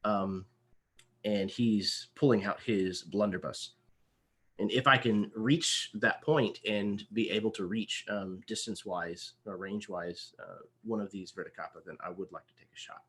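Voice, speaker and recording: A man with a lowish voice plays a tabletop game, weighing his options out loud with frequent ums. He then lays out what his character does. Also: unhurried, slightly rough. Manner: hesitant, many ums, talks through options. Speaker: player.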